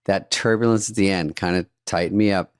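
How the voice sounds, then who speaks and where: A man's voice: low voice, fairly even intonation, fairly quick, clean tone, dry recording. An older man co-hosting a podcast in casual chat, riffing with dry, sarcastic humor. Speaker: podcast co-host. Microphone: studio podcast mic.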